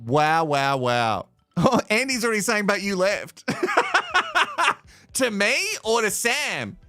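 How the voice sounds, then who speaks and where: A man's voice: high voice, sing-song, takes it slowly, sharp tone, clean tone, dry recording, soft background music. An Australian man hosting a live watch-along, sarcastic and swearing with bursts of laughter. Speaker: host reacting to a reality show.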